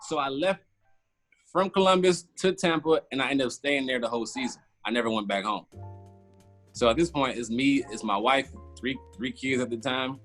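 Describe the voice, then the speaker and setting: A man's voice: medium pitch, fairly quick, a bit bright, soft background music. A man, casually telling a long story as a podcast guest and acting out his own past reactions. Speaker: former football player, guest.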